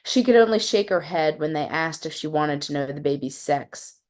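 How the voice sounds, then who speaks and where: A woman from West Virginia, a fiction reader with a low voice, introduces herself casually and a bit haltingly. She then reads her short fiction aloud in a steady manner.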